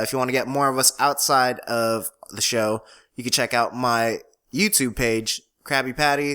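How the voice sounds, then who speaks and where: A man's voice: mid-range voice, bright, forceful tone, smooth. A man hosting a casual podcast, wrapping up loosely and jokingly while plugging his channels. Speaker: podcast host.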